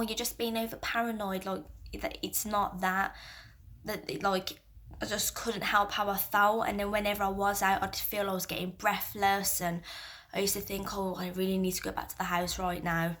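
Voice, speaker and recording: A young woman in her twenties, a mother talking candidly to camera, soft-spoken and halting with many restarts, close to tears at times. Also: medium pitch, little pitch movement. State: emotional, near tears at times. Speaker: mother and vlogger. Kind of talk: candid personal talk to camera.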